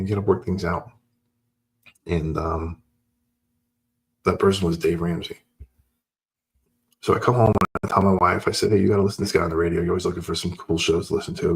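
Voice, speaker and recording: Man, very low voice, gravelly, casual storytelling, acts out dialogue. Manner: animated storyteller acting out dialogue. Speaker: podcast host. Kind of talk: personal story told casually.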